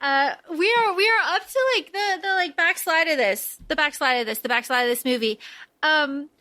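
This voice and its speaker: A woman's voice: high voice, normal speed, bright, forceful tone. A woman co-hosting a podcast, recapping a movie in casual chat, enthusiastic and laughing as she retells scenes. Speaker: podcast co-host.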